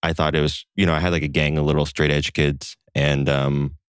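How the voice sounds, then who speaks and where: A man with an extremely low, deep voice chats as a podcast guest. He talks in a relaxed way, full of fillers and asides. The sound is dry and close. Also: fairly quick, clear, resonant tone, no echo. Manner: relaxed storyteller with frequent fillers. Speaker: podcast guest, co-founder of a satire site. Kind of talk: casual conversation.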